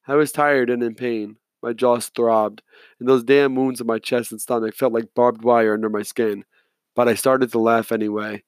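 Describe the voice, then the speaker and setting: A man reading a novel aloud in measured, subdued first-person narration. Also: mid-range voice, fairly even intonation, no echo. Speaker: audiobook narrator.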